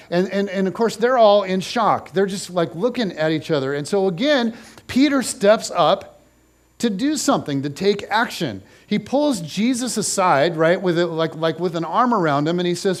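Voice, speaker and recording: Male pastor, slightly high voice, animated storytelling sermon with acted-out voices.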